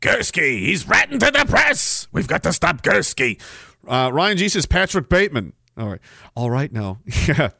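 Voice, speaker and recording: A man's voice: on the high side, big pitch swings, moderate pace, creaky, pushed and bright, no room sound, studio quality. A man hosting a live show and reading chat, rambling and swearing, with sudden bursts of mock outrage. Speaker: podcast host reading chat. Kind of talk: casual livestream chat.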